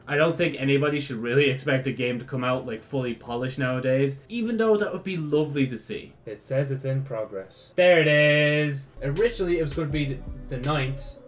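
A man casually commentating on video games, joking, swearing and getting excitable. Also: medium pitch, fairly quick, faint music behind. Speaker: gaming YouTuber.

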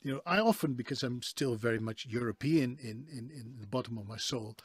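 A man's voice: medium pitch, fairly quick, slightly rough, dry recording. A man with a Dutch accent, telling stories as a guest in a casual interview. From Netherlands. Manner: lively, expressive storyteller. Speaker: guest, voice actor.

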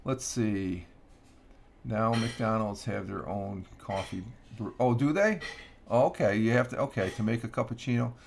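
A man with a low, gravelly voice hosts a relaxed morning stream from home. He rambles through trivia and his own asides, often restarting his sentences. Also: unhurried, slight background noise. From Upstate New York. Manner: rambling, many restarts and fillers. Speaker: livestream host. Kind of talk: casual morning chat. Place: home room.

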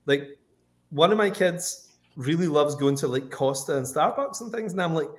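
A Scottish comic book writer rambles through anecdotes on a livestream video call, full of "like" and "you know." His voice is fairly high and expressive, at a moderate pace.

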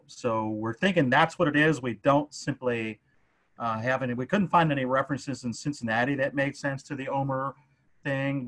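A man's voice: mid-range voice, a bit bright. A man, a museum curator, joins a livestream discussion. He talks hesitantly and casually, with many ums and uhs. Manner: hesitant, many filler sounds.

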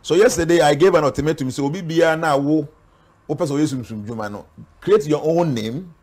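A man's voice: on the high side, a little fast, a little mellow. A man with a Ghanaian accent, a spiritual guest speaking earnestly in an interview, warning and preaching. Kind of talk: interview talk mixing Twi and English.

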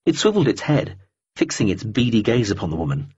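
Husky guy narrating an audiobook, steady pace, kinda muffled lo-fi sound. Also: fairly low pitch, no echo. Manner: measured, even reading with vivid description.

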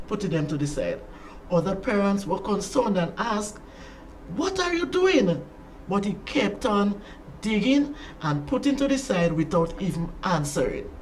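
A children's storyteller speaks slowly and dramatically, leaning on repeated phrases and ending with a prayer. The pitch swoops in a lively way while the pace stays unhurried. It sounds caught from some distance, with a faint ambient hum behind it.

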